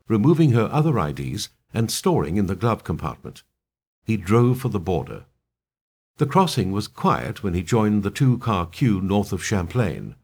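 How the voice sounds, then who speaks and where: A man reads thriller narration aloud in a low, somewhat husky voice. His delivery is steady, yet the pitch rises and falls expressively.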